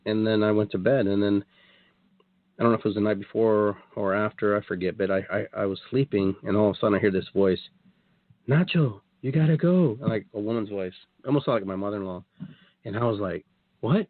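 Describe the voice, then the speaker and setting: A man's voice: on the low side, steady tone, fast, no echo. A man telling his story as a guest on a talk show, rambling with many restarts and quoted asides. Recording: tinny phone-like line, dry.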